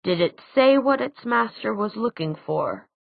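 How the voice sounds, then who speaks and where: A woman reading the part of a blunt, sarcastic teenage girl, pitching her voice higher with quick questioning retorts. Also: expressive, creaky, no echo. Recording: dry, tinny phone-like sound.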